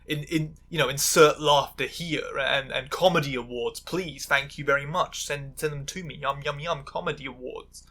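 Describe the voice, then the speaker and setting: Bright, sarcastic woman commentator. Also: sits low. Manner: sarcastic, stammering restarts, angry asides. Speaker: commentary video host. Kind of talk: sarcastic video essay commentary.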